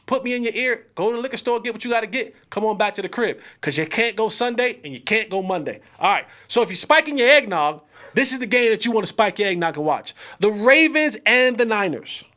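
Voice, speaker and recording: Talking quickly, this sports show host has a high voice that sits well above the typical male range. He addresses viewers directly in casual slang, animated and emphatic, stretching out his exclamations.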